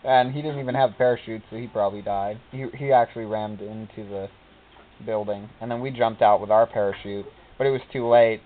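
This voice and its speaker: A man's voice: on the low side, a little hiss or hum. A man giving casual gameplay commentary, telling rambling stories and quoting characters in silly voices. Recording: tinny phone-like recording.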